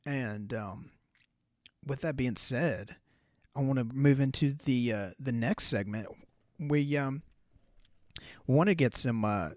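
A podcast host rants casually on his own, loose, chatty, and profane, with lots of fillers and restarts. His mid-range voice is recorded dry at studio quality.

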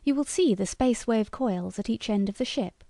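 A woman voicing an eager young male toy demonstrator who makes a salesman's pitch and then confides. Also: normal speed, warm tone, no echo, studio quality. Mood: selling.

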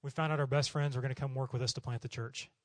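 A man's voice: mid-range voice, fast talker, no echo. A middle-aged man from Oklahoma, a missionary preacher telling stories in a sermon and acting out the voices of the people in them. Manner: animated, acts out voices in his stories. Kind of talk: storytelling sermon.

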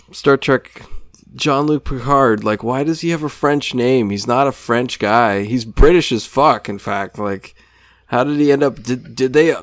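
A man's voice: mid-range voice, no echo. A man co-hosting a podcast in casual chat, rambling and laughing often as he sips a drink. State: drinking while talking. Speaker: podcast co-host.

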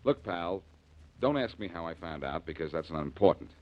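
An actor playing a cocky, wisecracking detective in a 1940s radio drama, trading quick sarcastic quips. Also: male voice, low voice, animated, no room sound. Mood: wry. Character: wisecracking reformed-thief detective, cool and cocky. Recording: dull old radio broadcast.

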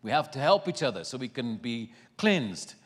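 Animated male preacher in a reverberant hall. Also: medium pitch, normal speed. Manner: animated storytelling, acting out scripture scenes. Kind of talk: sermon.

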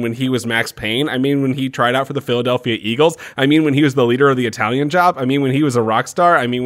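Jokey, self-mocking male podcaster. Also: medium pitch. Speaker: podcast co-host. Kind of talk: casual podcast chat.

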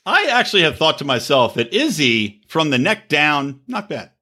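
A man's voice: a little high, big pitch swings, normal speed, bright, forceful tone. A man co-hosting a podcast in casual chat, crude and mocking, cracking jokes. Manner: crude, joking, mocking, does silly voices. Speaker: podcast co-host.

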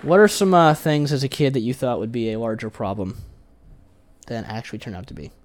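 A man's voice: medium pitch, brisk. A man in blunt, profane, argumentative casual chat.

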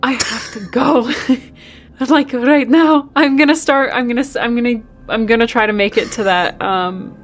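Anxious, expressive woman player. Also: fairly high pitch, moderate pace, soft background music. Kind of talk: casual tabletop role-play.

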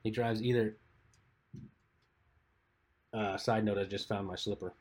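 A man co-hosting a podcast, telling stories in a laid-back, rambling way and trailing off quietly at the ends of phrases. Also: lowish voice, steady tone, unhurried, husky. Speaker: podcast co-host. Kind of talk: casual chat.

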